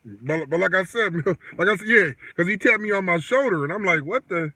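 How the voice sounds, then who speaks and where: A man co-hosting a livestream, telling a story in animated casual chat and acting out the quotes. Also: high voice, fairly quick, dry recording. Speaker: livestream co-host.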